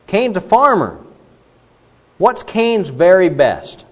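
Animated male preacher, slightly high voice, dull recording in a reverberant hall. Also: measured pace. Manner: animated, questioning, with asides to the congregation. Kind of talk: sermon.

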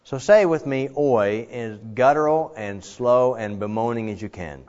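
A man preaching a sermon in a conversational, animated way, with frequent fillers and restarts. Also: medium pitch, a little slow, highs cut off. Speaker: pastor.

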